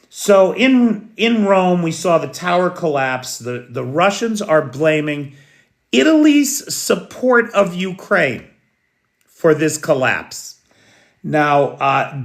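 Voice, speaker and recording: Slow-talking American man hosting news. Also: fairly high pitch, big pitch swings. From United States. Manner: slow, chatty, greets viewers by name. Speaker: news show host. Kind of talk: casual live news commentary.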